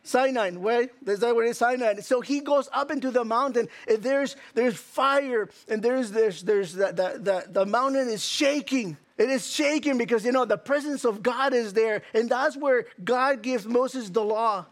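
Preacher, male, very high-pitched, earnest sermon delivery with halting restarts. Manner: earnest, with many restarts and acted-out quotes.

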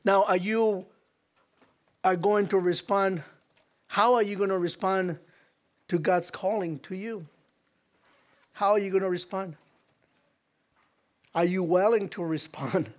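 A fairly high-pitched man preaches a church sermon as its pastor. He talks earnestly, repeats his key lines, and trips into small restarts as he goes. His delivery stays sincere and direct. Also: a little slow, long pauses. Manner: earnest, repetitive preaching with restarts and acted quotes. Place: church hall.

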